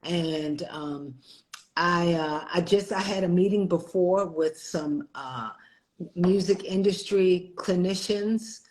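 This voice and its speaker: A middle-aged executive director co-hosts a live stream over a video call, the audio poor. Her voice is on the low side, slow and a little mellow, and her casual chat is full of laughter, fillers and false starts.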